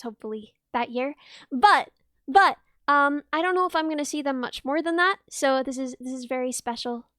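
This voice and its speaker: A woman's voice: sits high, a bit bright, no room sound, studio quality. A young woman in her twenties, a VTuber chatting casually with viewers and answering their messages, rambling and self-deprecating with frequent giggles and restarts. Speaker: VTuber streamer.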